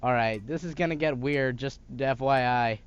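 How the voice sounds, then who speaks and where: A man's voice: medium pitch, moderate pace, smooth, highs cut off. A young man hosting a gaming video, making playful, joking asides while playing. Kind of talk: let's play commentary.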